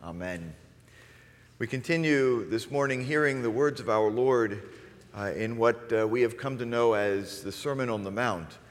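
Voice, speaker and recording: A man's voice: medium pitch, unhurried. A man preaching a sermon as pastor, acting out questions with shifting inflection and many fillers. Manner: lively, acts out questions with varied inflection. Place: church sanctuary. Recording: long church reverb.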